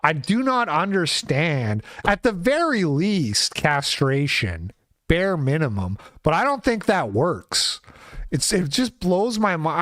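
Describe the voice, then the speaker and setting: A man hosts his own commentary show, talking casually and slipping into sarcastic rants. His voice sits a little high for a man, and he takes his time over his words. The sound is dry and close. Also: very animated, takes it slowly, a bit bright, no echo. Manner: ranting, sarcastic. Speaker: show host.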